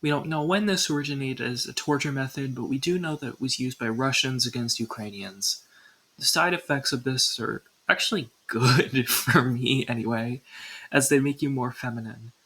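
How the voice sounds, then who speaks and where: A young woman reads a scripted countdown in a husky, breathy voice that still sounds bright and forward. She keeps the tone casual and drops in dry little asides between entries. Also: rumbling low, moderate pace, rough recording. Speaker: video creator. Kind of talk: scripted ranking narration.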